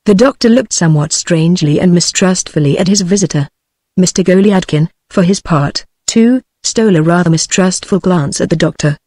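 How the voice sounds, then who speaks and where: A woman's voice: on the low side, moderate pace, dry recording. Synthetic British woman reading a novel. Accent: British English. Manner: even, steady, synthetic reading. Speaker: audiobook narrator. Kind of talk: text-to-speech audiobook narration.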